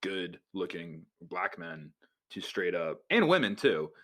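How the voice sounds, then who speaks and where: A man's voice: low voice, big pitch swings, slow, pushed and bright. A man co-hosting a podcast, musing about a film in a rambling, hedging way. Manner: rambling, hedging, trails off often. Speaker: podcast co-host. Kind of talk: casual chat about a film.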